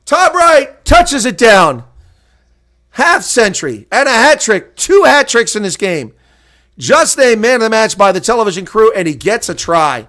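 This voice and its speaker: A man calls a rugby match live for his viewers, and his voice climbs to a shout when a runner breaks through. Between plays he drops into relaxed, chatty reaction and answers comments from his chat. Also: sits high, unhurried.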